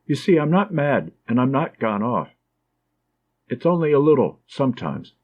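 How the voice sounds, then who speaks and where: A man's voice: mid-range voice, very animated, moderate pace, lo-fi sound. A man reading Catherine, a fragile, lovesick young nurse. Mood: wistful.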